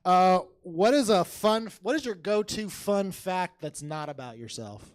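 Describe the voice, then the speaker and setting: A man's voice: high-pitched, lively intonation, measured pace. A man acting as host, tossing short playful questions to a comedian from offstage. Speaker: show host asking prompts.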